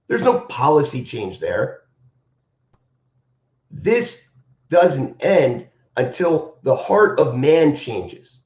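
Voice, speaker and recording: A man's voice: on the high side, darkish tone. Impassioned male martial arts instructor. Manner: impassioned and emphatic, repeating key phrases. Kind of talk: live-stream monologue. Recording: roomy, dull lo-fi stream audio.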